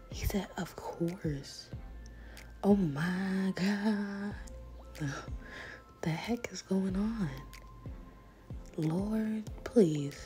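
Slow, mellow-voiced young woman vlogger. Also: sits low. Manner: chatty and slangy, laughing often, sometimes dropping to a whisper. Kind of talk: casual commentary on a game chat room.

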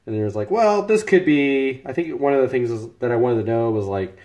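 A man's voice: mid-range voice, racing, dark tone. A man from the United States talks through a casual live cooking stream at home. He chats loosely with viewers, stops to greet people by name, and keeps up a running commentary as he works.

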